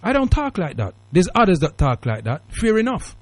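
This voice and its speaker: A man's voice: high voice, wildly swooping pitch, moderate pace, no echo. A man with a British accent strongly tinged with Jamaican Patois, hosting a call-in radio talk show in an emphatic, preachy manner. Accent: Jamaican Patois-tinged British English. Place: radio studio.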